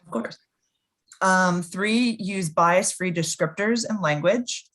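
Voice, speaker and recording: A woman with a fairly low voice guides the conversation. She calmly reads items from a list, one by one. Her delivery stays steady and unhurried. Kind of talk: casual conversation.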